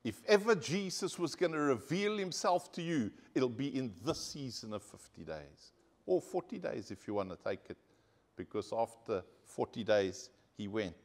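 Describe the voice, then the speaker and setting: A man's voice: medium pitch, very animated, normal speed, darkish tone. Man preaching a sermon to his church. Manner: earnest preaching, calls for amens from congregation. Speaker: pastor.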